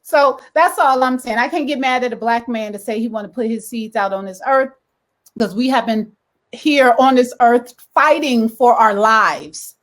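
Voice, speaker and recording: A woman's voice: fairly high pitch, normal speed. Passionate, boisterous woman panel guest. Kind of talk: panel discussion.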